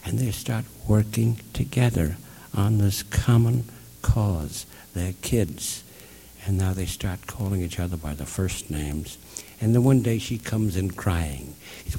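A man tells a story in a husky, low voice. His tone is dark and mellow. He retells it with life, often dropping into the voices of the people he describes. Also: lively intonation, measured pace, long reverb tail. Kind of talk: spoken storytelling talk.

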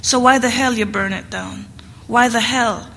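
A woman reading aloud, voicing a desperate, anguished middle-aged male shopkeeper who shouts sharply. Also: medium pitch, fairly even intonation, moderate pace, close to an everyday voice. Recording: long hall reverb, faint noise.

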